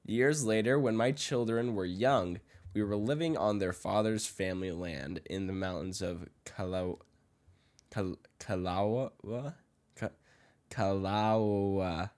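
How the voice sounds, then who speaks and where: Young male podcast host, lowish voice, reads a ghost tale from notes and trips over names. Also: takes it slowly, a little mellow. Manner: reads from notes, stumbles over Hawaiian names, laughs often. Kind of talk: reading a ghost story aloud, casual chat.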